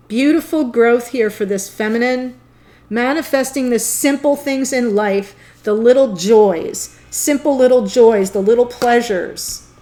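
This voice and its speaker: Female tarot reader, unhurried and giggly, a touch high-pitched. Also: darkish tone. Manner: playful, giggly and chatty. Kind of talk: tarot reading to camera.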